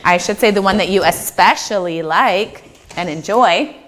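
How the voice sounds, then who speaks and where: A woman's voice: mid-range voice, moderate pace, a little hiss or hum. A woman teaching a children's church class, upbeat and encouraging, often checking in with the kids and leading them in sung scripture.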